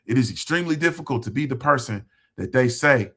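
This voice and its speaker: A man's voice: mid-range voice, expressive, brisk, a bit bright, breathy edge. A man hosting a motivational talk for his viewers, speaking in a conversational, emphatic way, repeating phrases for emphasis. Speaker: host.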